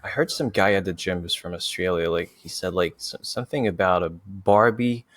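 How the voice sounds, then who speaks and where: Deep-voiced man hosting a relaxed interview. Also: normal speed. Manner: hesitant, filler-heavy. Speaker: host. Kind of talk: casual interview.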